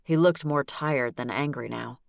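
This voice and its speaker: A woman narrating a novel in the first person, with a wry, brisk delivery. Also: a bass voice, vocal fry, no room sound, studio quality. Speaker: audiobook narrator.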